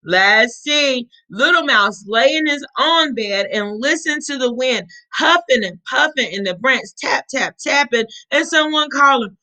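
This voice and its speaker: A woman reading a children's storybook aloud, animated and often asking her young listeners questions. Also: sits high, unhurried, hardly any pauses, low-quality recording.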